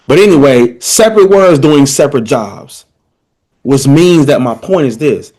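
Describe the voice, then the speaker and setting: A medium-pitched man with a darkish tone gives a lecture-style explanation comparing languages. He makes his points emphatically, speaks to listeners directly and checks in with them often.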